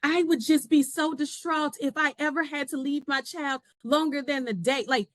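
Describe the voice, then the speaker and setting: A woman guest on a podcast recounts her story in a lively way, putting on the voices of the people she quotes. Her voice sounds dry and close, with almost no room around it. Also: sits high, moderate pace, no echo. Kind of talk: casual conversation.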